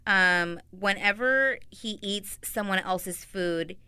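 A woman co-hosting a podcast in casual chat, talkative and quick to laugh. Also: medium pitch, pushed and bright, clear, resonant tone, no echo. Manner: chatty, laughs often, quick asides. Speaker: podcast co-host.

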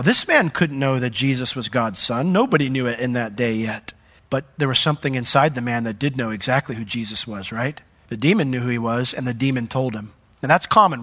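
A man preaching a sermon as pastor, telling a story with big swings between loud emphasis and quiet asides. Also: mid-range voice. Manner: animated storytelling with dramatic swings in volume.

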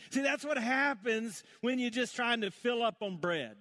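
A male pastor preaching a sermon, telling homespun stories with gentle humor. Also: very high voice, lively intonation, moderate pace, hardly any pauses.

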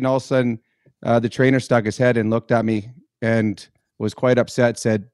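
A man who used to play pro hockey, co-hosting a radio show and calmly recounting a hard day from his career. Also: medium pitch, brisk, smooth, dry recording, studio quality. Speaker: co-host, former hockey player. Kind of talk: casual storytelling.

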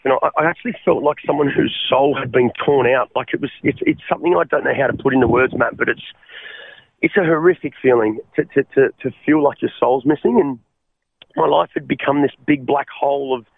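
A man's voice: mid-range voice, brisk, creaky, breathy edge, no echo. An Australian man telling his life story as a radio guest. He speaks earnestly, stumbles into repeated restarts and keeps calling the host mate. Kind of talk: personal testimony on radio. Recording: tinny dry phone line.

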